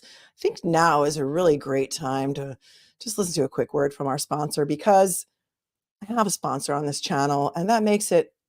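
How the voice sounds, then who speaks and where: Chatty woman attorney with a low, dry voice. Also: no echo. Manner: chatty, drops into dramatic whispers; reads viewer messages aloud. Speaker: attorney and livestream host. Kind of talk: casual livestream legal commentary.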